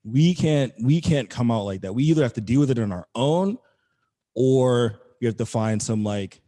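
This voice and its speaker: A man's voice: medium pitch, lively intonation, normal speed, mellow. A man co-hosting a podcast, talking in a loose, rambling way and swearing freely. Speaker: podcast co-host. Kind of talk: casual chat.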